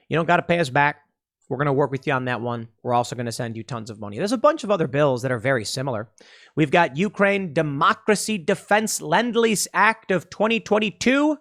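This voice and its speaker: A man talks through political news in a casual, sarcastic way, reading names and numbers off a list. His voice sits a little high for a man. The sound is dry and close, with no room echo. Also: expressive, normal speed, fairly bright tone. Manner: sarcastic, conversational, reads out vote lists. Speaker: political commentary host. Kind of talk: solo political commentary.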